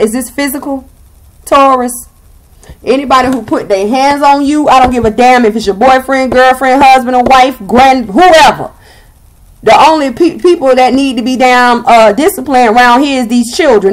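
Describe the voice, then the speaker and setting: A woman's voice: sits high, normal speed. A young woman with a Southern US accent giving a blunt, sassy tarot reading and swearing freely. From Southern United States. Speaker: tarot reader.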